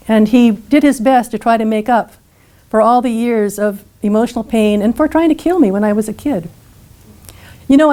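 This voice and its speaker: An older woman giving a talk, telling her life story in an earnest, animated way and acting out the dialogue. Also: a little high.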